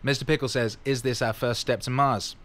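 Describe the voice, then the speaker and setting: A man's voice: medium pitch, fairly even intonation, fairly quick, fairly bright tone. A man casually answering fan questions in his vlog, rambling and upbeat with plenty of fillers.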